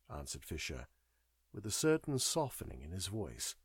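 A man narrating a story in an expressive storytelling manner. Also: lowish voice, unhurried, slightly rough, no echo, clean studio sound. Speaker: audiobook narrator. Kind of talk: scripted narration.

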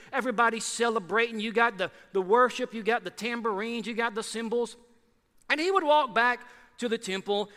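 Pastor, man, high bright voice, lively conversational sermon, big hall reverb. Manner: lively, conversational preaching with repeated rhetorical questions.

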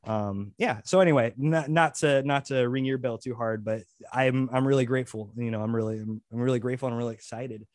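A man speaking as a podcast co-host in casual chat, earnest and full of restarts. His voice sits at a middling pitch, recorded close and dry with no room sound. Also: fairly even intonation, brisk, hardly any pauses, darkish tone, no room sound. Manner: rambling, many restarts, earnest.

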